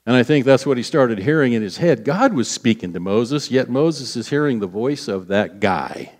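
A man's voice: medium pitch, expressive, moderate pace, few pauses, darkish tone. A man delivering a sermon in a conversational way, acting out scripture quotes. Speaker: pastor.

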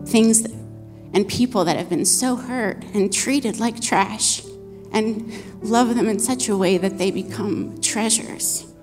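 Woman sharing a word in a reverberant church. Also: medium pitch. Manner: halting, with many fillers and restarts. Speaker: guest speaker sharing a prophetic word. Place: church hall. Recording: echoey church hall with soft music.

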